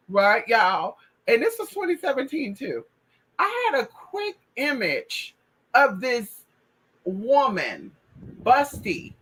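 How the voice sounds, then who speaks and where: A woman's voice: a little high, pushed and bright, breathy edge, rough recording. A woman telling a spiritual story in casual talk, sassy and full of profanity. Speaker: spiritual practitioner.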